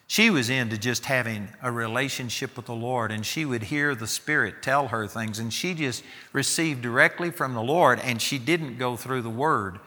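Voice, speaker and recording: A man's voice: mid-range voice, pushed and bright, big-room sound. A man preaching a sermon to students, emphatic and given to storytelling, often repeating himself for emphasis.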